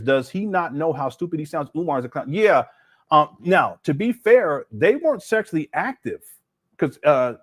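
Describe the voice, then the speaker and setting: A man hosting a casual livestream, reading viewer messages and commenting with animated, incredulous energy and many fillers. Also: fairly high pitch. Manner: animated, incredulous, talks to chat, frequent fillers. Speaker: livestream host reading super chats.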